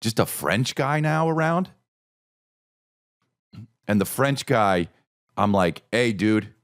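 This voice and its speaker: Middle-aged guy riffing on a podcast, pitch jumping all over, swears a lot, does little voices for people in his story. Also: lively intonation, slow pace. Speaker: podcast host. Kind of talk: comedic storytelling.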